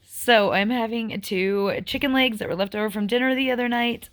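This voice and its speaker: A woman's voice: a little high, moderate pace. Chatty woman in her forties vlogging. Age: 40s. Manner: chatty, rambling, counts out food amounts. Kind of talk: casual diet vlog chat.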